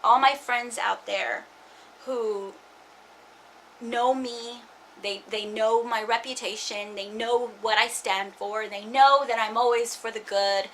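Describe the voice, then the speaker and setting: A woman's voice: a little high, fairly bright tone, a little hiss or hum, low-quality recording. A woman in her forties talks through her frustrations in a casual vlog, in loose run-on asides, and reads scripture now and then. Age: 40s. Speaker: vlogger.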